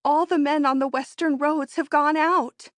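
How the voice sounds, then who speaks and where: An excitable young society woman, voiced by a woman reading a storybook, bursts out in high, emphatic exclamations. Her voice sits well above an ordinary woman's register and is recorded close and dry. She comes across as bold and eager. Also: moderate pace, no echo. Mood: excited. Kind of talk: audiobook character voice.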